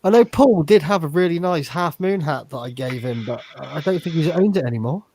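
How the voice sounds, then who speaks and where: Male co-host, slightly higher voice, relaxed rambling banter, dry close sound. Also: fairly quick, slightly rough, no echo. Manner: relaxed, repeats himself, says "man" a lot. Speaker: livestream co-host. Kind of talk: casual banter on a live stream.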